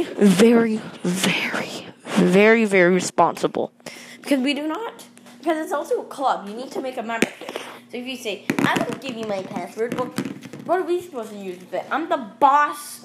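A woman's voice: on the high side, fairly bright tone. Bossy rambling teenage girl, noisy recording. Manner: bossy, rambling, self-correcting. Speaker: young vlogger pitching a game club. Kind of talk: rambling casual monologue.

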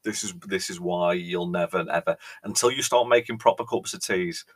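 A British man hosting a podcast, delivering a theatrical, mock-outraged monologue that keeps checking in with "right?". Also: low voice. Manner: theatrical, exasperated, pausing, repeats "right?". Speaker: podcast host.

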